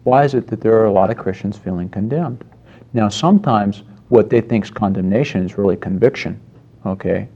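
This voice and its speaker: A man's voice: fairly low pitch, brisk, dark tone, slightly rough, highs cut off. A man preaching a sermon in a conversational way, telling stories and acting out quotes. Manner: storytelling with acted-out quotes, conversational.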